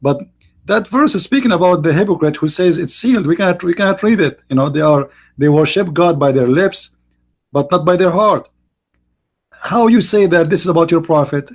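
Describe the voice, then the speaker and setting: Husky man hosting a live stream. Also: fairly high pitch, expressive. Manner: halting, many fillers and restarts. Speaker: host. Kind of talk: live-stream debate talk.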